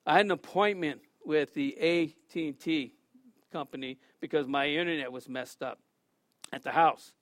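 A middle-aged man preaching a sermon as pastor, telling stories with lively acted-out quotes and laughter. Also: fairly high pitch, moderate pace, no echo, clean studio sound. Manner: animated storytelling, acts out quotes with shouts and laughs.

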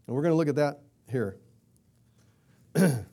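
With lively intonation and a measured pace, a pastor preaches conversationally, his voice carrying a breathy edge. He poses rhetorical questions, and when quoting prayers he acts them out louder and higher.

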